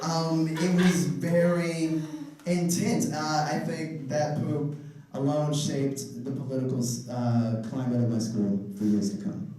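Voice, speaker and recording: High-voiced man telling stand-up stories. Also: takes it slowly. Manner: animated, laughing through jokes, mock voices in quotes. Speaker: stand-up comedian. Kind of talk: stand-up storytelling. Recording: distant mic, echoey room, noisy.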